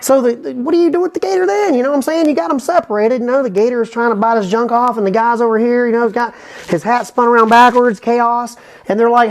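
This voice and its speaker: A man telling a rambling comic story, animated and full of asides. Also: extremely high pitch. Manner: fast, animated, repeats "you know what I'm saying". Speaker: comedian.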